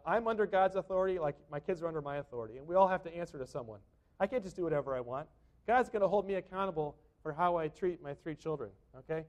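High-voiced man preaching with tag questions. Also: a little mellow. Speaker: pastor. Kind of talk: sermon.

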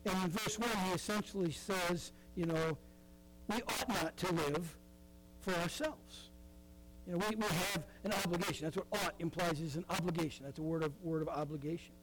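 A man's voice: sits high, normal speed, noisy background. A middle-aged man preaching a sermon in a conversational way, with frequent asides and fillers. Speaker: pastor.

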